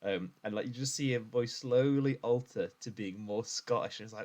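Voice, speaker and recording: A man's voice: fairly low pitch, fairly quick, few pauses. A man from the UK co-hosting a podcast, telling stories in casual chat and laughing often. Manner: animated storyteller, laughs often. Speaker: podcast co-host.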